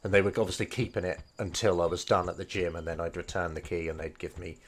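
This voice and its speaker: Casting: man, lowish voice, chatty streamer-teacher, hesitant and rambling, faint noise behind. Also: level tone, quick pace. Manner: rambling, hesitant, many fillers and restarts. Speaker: Japanese learner and game streamer. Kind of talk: casual explanatory commentary.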